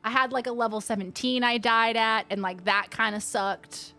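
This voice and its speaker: A woman streaming a game, chatting casually and reacting with animated outbursts and swearing. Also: fairly high pitch, normal speed, faint music behind. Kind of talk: casual gaming commentary.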